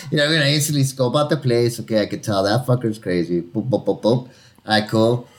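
A man's voice: medium pitch, a little fast. A man telling a rambling bar story in casual chat, swearing often and acting out the people in it. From Southern California. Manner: animated, swearing, acts out the people in his stories.

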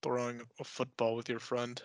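A man's voice: medium pitch, completely flat delivery, normal speed, no echo. A man co-hosting a podcast in casual chat, giving brief, dry, teasing replies. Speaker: podcast co-host.

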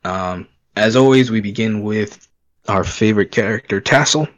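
A man's voice: fairly low pitch, normal speed, lo-fi sound. A man co-hosting a casual podcast, rambling and griping through an episode recap. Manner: griping, rambling with fillers and laughs. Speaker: podcast co-host. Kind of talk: casual chat recapping a TV show.

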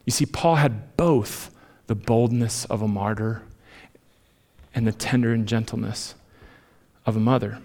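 Speaking in a lowish voice without hurry, a male pastor preaches to his congregation. He poses rhetorical questions and alternates between forceful climaxes and soft, hushed stretches.

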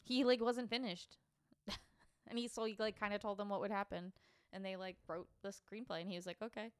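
A chatty woman co-hosting a podcast, giggling often and leaning on fillers as she talks. Her voice is smooth and clear, recorded close and dry with no room sound. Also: medium pitch, level tone, a little fast, dry recording. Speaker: podcast co-host presenting the case. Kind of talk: casual chat.

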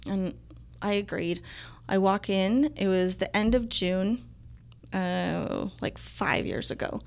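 A woman guest in an interview casually tells a personal story, her voice medium in pitch, slow and creaky. She's animated, acting out the dialogue she quotes.

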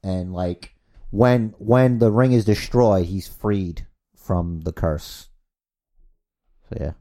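A man's voice: on the low side, slow, mellow. A man co-hosting a podcast in casual, rambling chat, swearing freely and acting out scenes as he tells them. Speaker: podcast co-host.

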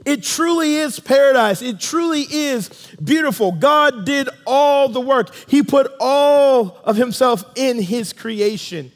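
Man, pastor, very high voice, dynamic sermon delivery, loud to hushed, long church-hall reverb.

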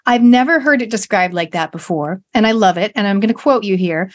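A woman's voice: medium pitch, fairly quick, few pauses. A woman hosting a radio interview, affirming her guest with enthusiasm and summing up her points. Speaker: radio show host. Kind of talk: casual interview talk.

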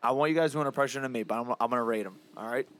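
A man's voice: medium pitch, rapid-fire, fairly bright tone. A young man hosting a podcast, chatting casually with friends in a profane, joking way. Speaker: podcast host. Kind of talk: casual chat among friends.

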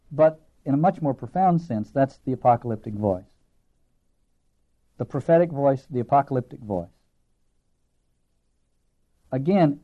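A man with a Southern American accent giving a literature lecture, earnest and emphatic, slow and deliberate, then quick. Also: medium pitch, lively intonation. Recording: dull lo-fi lecture recording.

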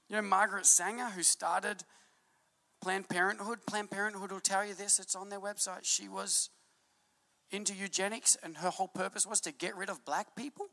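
Fervent high-voiced male preacher. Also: steady tone, moderate pace, vocal fry. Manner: fervent preaching with rising, shouted peaks and hushed asides. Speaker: pastor. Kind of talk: sermon.

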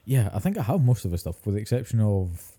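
Deep, dark-voiced man in casual chat. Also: fast, slightly rough. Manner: relaxed, swears casually, laughs often. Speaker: podcast co-host.

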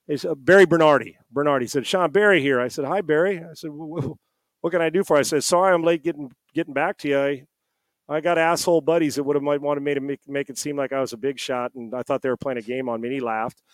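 A middle-aged man speaking into a headset from home, guesting on a podcast. His voice sits a little high for a man, and the sound is dry and close with no room around it. He tells a long story and acts out the dialogue with plenty of energy. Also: steady tone, quick pace, no echo. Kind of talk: casual storytelling.

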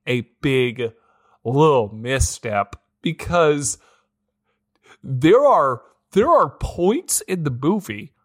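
Rambling, laughing podcast co-host man. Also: fairly high pitch. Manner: rambling, with many restarts and laughs. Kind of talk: casual podcast movie review.

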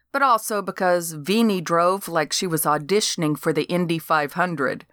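An older woman narrating a comic novel in first person, with a dry, deadpan delivery. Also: sits low, no room sound. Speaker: audiobook narrator.

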